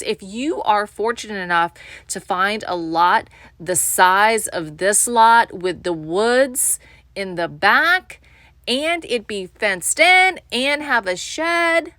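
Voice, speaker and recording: A woman's voice: a little high, bright, forceful tone, dry recording. An enthusiastic woman giving a home tour as a real estate agent, often calling out to viewers as "you guys.".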